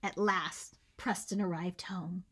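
A woman teacher reading a picture book aloud to children, animated, coaxing them to join in and dipping into whispers for suspense. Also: on the low side, takes it slowly, husky. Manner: coaxes listeners to join in.

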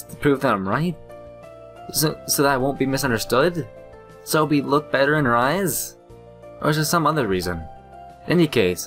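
A man hosting a let's play, reading a visual novel's narration aloud in a brisk, plain storytelling read. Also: medium pitch, a bit bright.

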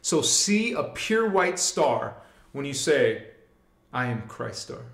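This man hosts a live spiritual stream, guiding listeners through chants and affirmations in a relaxed, slangy style. His medium-pitched voice is very animated yet slow, with a fairly bright tone in an echoey room.

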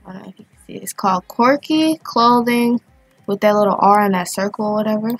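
A woman giving casual, excitable commentary as she plays a video game, chatting and thinking aloud as she goes. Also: medium pitch, quick pace, no room sound. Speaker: gaming channel host.

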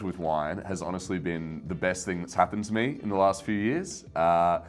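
A young man talks straight to camera in a rambling, self-mocking rant that keeps climbing into exasperation. His voice sits a little low, and soft music plays faintly behind him. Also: normal speed, hardly any pauses. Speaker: wine channel host.

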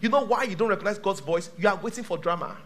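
A male pastor preaching a sermon to a live church congregation, dramatic, swinging from shouts to hushed tones. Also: high-pitched, expressive, fast talker, a little hiss or hum.

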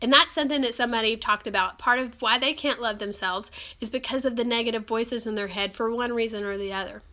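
Talking fast with a sharp tone and a voice on the high side, a woman hosts a live stream through a phone or webcam. She has a cold, and her encouraging talk is earnest and chatty, full of fillers.

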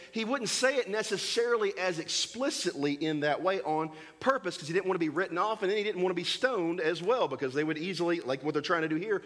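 Male pastor, sermon, high voice, animated, playful, acts out scenes. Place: church sanctuary.

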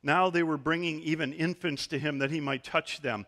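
A middle-aged man preaches from the pulpit, his voice bright and a little higher than most men's. He tells stories with animation, slipping into the voices of the people he quotes. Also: fairly even intonation, normal speed. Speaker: pastor. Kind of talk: sermon. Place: church sanctuary.

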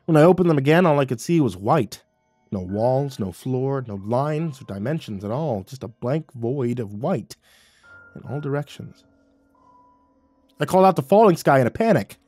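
A man reads a horror story in a mid-pitched voice, with dramatic, wry first-person delivery. Soft background music sits low under the narration. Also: lively intonation, moderate pace, no room sound.

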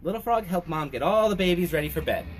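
Middle-aged male story-time host, reads to kids, bouncy and expressive, slightly high. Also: quick pace, slight background noise. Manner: animated, sing-song, kid-friendly. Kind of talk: reading a picture book aloud to children.

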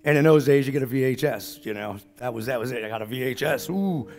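Talking at a quick pace in a medium pitch, a middle-aged New Orleans-area man with a New Orleans accent shares a folksy story during a business summit talk. He's from Louisiana and brings the quoted dialogue to life by acting it out.

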